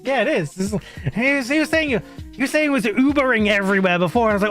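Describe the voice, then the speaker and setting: A British man with an unusually high, animated voice rambles through a story for his live stream at a quick clip. He stumbles over restarts and fillers, laughing partway through sentences, while soft music plays low in the background.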